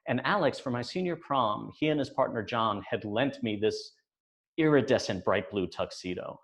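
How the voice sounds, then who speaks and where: Storyteller, male, 40s, wry deadpan delivery, even mid-range voice. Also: mid-range voice, moderate pace. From United States. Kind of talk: live personal storytelling.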